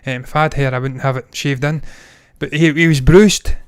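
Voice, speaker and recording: A man co-hosting a casual movie podcast, excitable and swearing a lot. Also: medium pitch, brisk, smooth, dry recording, studio quality. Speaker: co-host.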